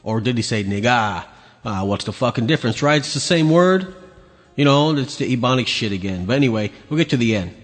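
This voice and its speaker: A man's voice: mid-range voice, lively intonation, brisk, soft background music. A man hosting a podcast, ranting angrily and crudely as he comments on video clips. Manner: angry, profane, mocking. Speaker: podcast host. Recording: long hall reverb.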